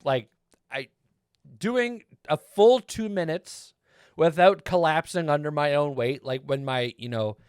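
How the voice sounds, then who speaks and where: A man's voice: fairly high pitch, a little slow, smooth, dry recording, studio quality. A man streaming a video game and chatting casually with viewers, rambling and laughing often into a desk mic. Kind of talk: casual gameplay chat.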